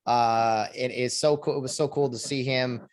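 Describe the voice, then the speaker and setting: A man's voice: medium pitch, fairly even intonation, moderate pace. A young man hosting a casual podcast interview, chatty and laughing often. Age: young adult. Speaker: podcast host.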